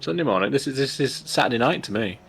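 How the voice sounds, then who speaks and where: A man's voice: medium pitch, animated, fast, vocal fry, slight background noise. A man with a dry, joking manner, chatting on a livestream. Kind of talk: casual chat on a livestream.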